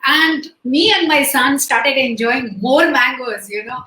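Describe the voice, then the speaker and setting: A woman's voice: sits high, measured pace, sharp tone, reverberant, low-quality recording. A woman in her late forties with an Indian English accent, telling a personal story in an interview, full of "like" and "you know" fillers. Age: late 40s. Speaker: guest. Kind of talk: conversational interview over video call.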